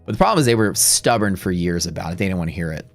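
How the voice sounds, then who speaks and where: A man's voice: low voice, animated, rapid-fire, creaky, soft background music. A middle-aged man hosting a live day-trading stream, telling a story in a blunt, profane, rambling way with many restarts.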